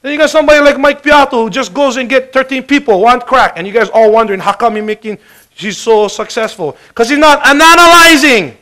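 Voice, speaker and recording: Guy pumping up a sales crowd, high pitched, punchy bright tone. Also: a little fast. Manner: energetic, joking, emphatic. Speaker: business presenter. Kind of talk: motivational sales talk.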